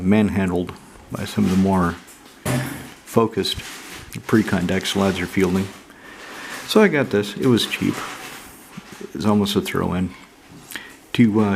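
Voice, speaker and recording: Man, low gravelly voice, rambling casual chat, home recording, running water noise behind. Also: a little mellow. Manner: rambling, thinks aloud, swears casually. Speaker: channel host opening card mail. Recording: noisy room with running water.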